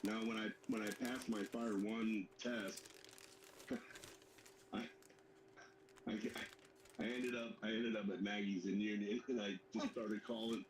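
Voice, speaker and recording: A man's voice: fairly low pitch, steady tone, unhurried, pauses often. A man in casual chat, telling stories in an easygoing way and stumbling over the starts of sentences. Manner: laid-back storyteller, stammers at starts. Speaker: co-host. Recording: echoey room with background noise.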